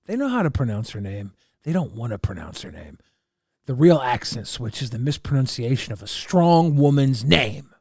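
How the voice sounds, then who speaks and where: A man streaming live, reacting to clips with brash jokes and loud rhetorical questions. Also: medium pitch, lively intonation, normal speed, gravelly, husky, no room sound, clean studio sound.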